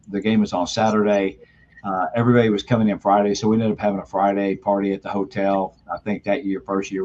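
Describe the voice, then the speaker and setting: A man's voice: sits low, a little mellow, muffled recording, a little hiss or hum. A man, a company founder and guest, telling long rambling anecdotes with many fillers in a casual interview. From Texas.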